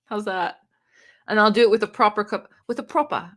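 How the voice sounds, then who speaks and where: A woman's voice: mid-range voice, a little fast, a bit bright. A woman hosting a casual live stream, reading viewers' comments aloud and chatting with them, laughing often. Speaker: booktube live-stream host.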